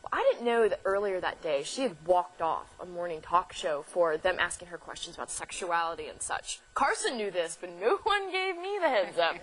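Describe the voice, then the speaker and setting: A woman's voice: lowish voice, sing-song, moderate pace, fairly bright tone, a little hiss or hum, rough recording. A young adult woman, a talk show guest, telling stories in casual chat and acting out her own flustered reactions.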